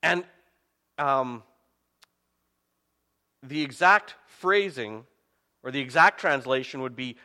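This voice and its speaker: Lively, bright-voiced male pastor. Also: fairly high pitch, unhurried, long pauses, in a large hall. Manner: animated storytelling with self-mocking humor. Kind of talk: sermon.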